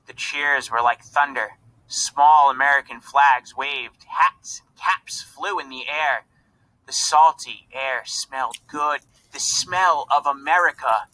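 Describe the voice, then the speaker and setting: A man reading a children's storybook aloud in an expressive narrating voice. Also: medium pitch, slow, rough recording. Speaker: reader.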